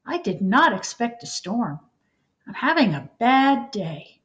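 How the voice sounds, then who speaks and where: A woman's voice: a little high, big pitch swings, slow pace, dull audio, exaggerated voice. A woman voicing a small, polite, worried male mouse in a storybook read-aloud. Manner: timid and gentle.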